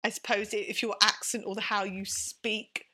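A woman from London with a London accent, talking quickly and animatedly as a guest in an interview, often restarting and repeating words. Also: medium pitch, little pitch movement, pushed and bright. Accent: London English. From London, England. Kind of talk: conversational interview.

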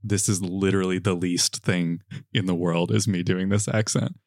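A man's voice: low-pitched, little pitch movement, normal speed, a little mellow, no room sound, clean studio sound. A man co-hosting a comedy podcast, chatting casually with playful, ranting banter. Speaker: podcast co-host.

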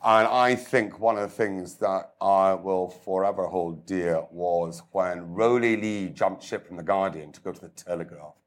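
A man's voice: low-pitched, fairly even intonation, measured pace, few pauses. An older man, a chef talking with enthusiasm and self-mocking humour in an interview. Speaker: chef and cookery writer. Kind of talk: conversational interview.

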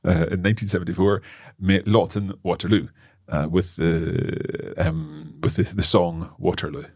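A man hosting a casual lesson, working through phrases aloud with halting restarts and frequent laughs. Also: deep voice, steady tone, breathy edge, dry recording, studio quality. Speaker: language learner host.

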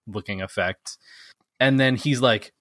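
A man's voice: mid-range voice, unhurried, a bit bright, no echo, clean studio sound. A man co-hosting a podcast who recaps a film scene by scene in casual chat, peppered with "like". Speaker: podcast co-host.

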